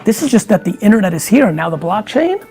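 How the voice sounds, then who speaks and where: A man's voice: high-pitched, big pitch swings, quick pace, gravelly, a little mellow, husky, faint music behind. A middle-aged man talking casually as an interview guest, emphatic and profane, often rambling through his points.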